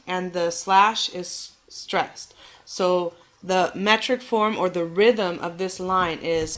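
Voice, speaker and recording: Woman teacher, patient, clear, mid-pitched voice, leans hard on stressed syllables. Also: fairly bright tone. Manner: patient, clear explanations, reassuring; exaggerates stress when demonstrating rhythm. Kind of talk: recorded classroom lecture.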